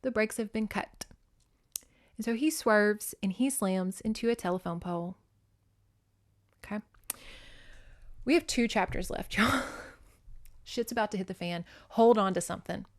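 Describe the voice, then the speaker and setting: A woman podcast host casually recapping a novel in an animated, profane way, addressing listeners directly. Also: mid-range voice, normal speed, pauses often.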